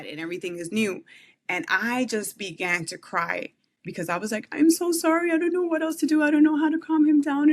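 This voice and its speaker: Earnest woman with a low voice. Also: pushed and bright. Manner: earnest, heartfelt, frequent "like" fillers. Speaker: podcast guest. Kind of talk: emotional personal testimony.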